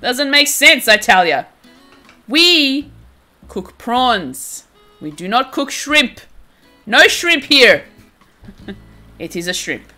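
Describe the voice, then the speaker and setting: A woman's voice: a little high, very animated, slow pace, long pauses, pushed and bright, soft background music. A young American woman chatting casually on a game live stream, teasing her chat playfully and laughing all the time.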